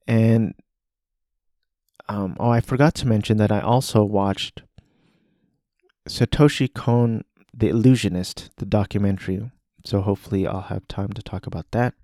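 A man's voice: lowish voice, steady tone, measured pace, mellow, no room sound, studio quality. A man hosting a podcast, talking casually about films, rambling with restarts and acting out quoted lines. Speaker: podcast host. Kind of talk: casual film talk.

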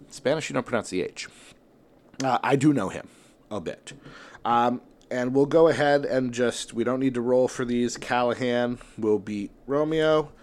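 A man hosting a solo wrestling tournament bracket show, thinking aloud in casual talk with lots of fillers and restarts. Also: mid-range voice.

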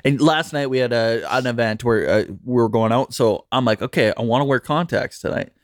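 A man's voice: medium pitch, fairly quick, dry recording, clean studio sound. A man in his late twenties in casual chat, telling stories, acting out quotes and laughing often.

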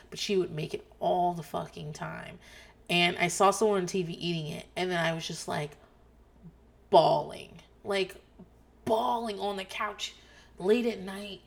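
A middle-aged woman talks on her podcast in a loose, rambling way, swearing freely as she drifts off track. Her voice sits a little low for a woman. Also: vocal fry. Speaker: podcast host. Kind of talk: casual chat.

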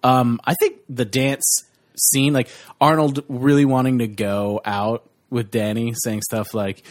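A man's voice: mid-range voice, steady tone, a little slow. A man co-hosting a casual podcast, chatting about a film, rambling and laughing often. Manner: rambling, quotes lines in a mock voice, laughs often. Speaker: podcast co-host.

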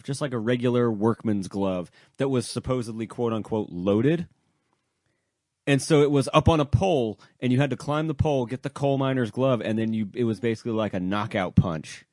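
A man co-hosting a casual wrestling podcast, animated and loose, swearing and trailing off into asides. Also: medium pitch, no echo, studio quality. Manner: animated, swearing, jumps between loud and mumbled asides. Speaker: podcast co-host.

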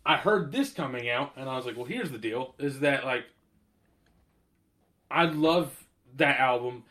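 A man's voice: medium pitch, expressive, a little slow, fairly bright tone. A man co-hosting a casual music chat, rambling with many fillers and some swearing. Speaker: podcast co-host.

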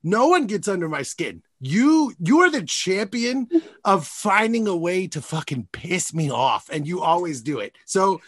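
Bright-voiced, animated man hosting a podcast. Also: high voice, measured pace, no room sound. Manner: animated, profane, self-mocking, laughs often. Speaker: podcast host. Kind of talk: casual trash-talk chat.

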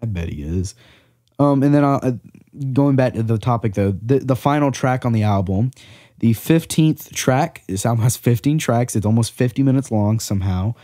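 A man's voice: medium pitch, lively intonation, moderate pace, dark tone, no echo, studio quality. A man hosting a casual podcast, talking about his music in a rambling, self-deprecating way with lots of fillers, into a mic with a pop filter. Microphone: studio mic with pop filter.

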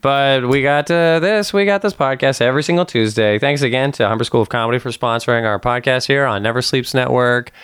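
A man's voice: medium pitch, brisk, hardly any pauses, a bit bright, smooth, no room sound, clean studio sound. A man hosting a comedy podcast, chatting casually and laughing easily. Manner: laughs easily, wraps up the show. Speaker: podcast host.

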